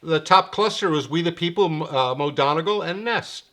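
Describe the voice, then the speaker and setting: A middle-aged man teaching horse betting in a wry, lecturing way, his pitch swinging up when he gets excited. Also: moderate pace. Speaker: handicapping teacher. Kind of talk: screen-share explainer monologue.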